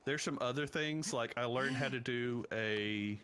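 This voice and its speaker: A man's voice: medium pitch, measured pace, fairly bright tone, smooth. Chatty Southern US man, podcast host. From North Carolina, US South. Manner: chatty, laughs often while explaining. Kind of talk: casual chat.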